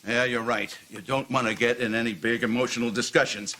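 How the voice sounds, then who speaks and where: A man's voice: medium pitch, fairly even intonation, a little fast, background noise, lightly acted. An actor playing a snobbish, sardonic wealthy older father in a sitcom. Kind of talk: sitcom acting.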